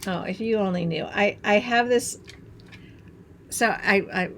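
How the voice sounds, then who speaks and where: A middle-aged woman from Wisconsin, USA, hosts a hands-on craft tutorial, chatting bubbly as she works and laughing at herself. She speaks in a mid-range voice at a measured pace, with a little hiss or hum in the recording.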